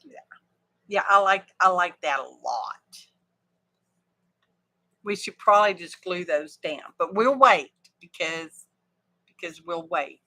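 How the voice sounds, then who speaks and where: A woman's voice: fairly low pitch, animated, takes it slowly, long pauses, pushed and bright. A woman hosting a craft livestream, chatting casually and thinking aloud with folksy asides.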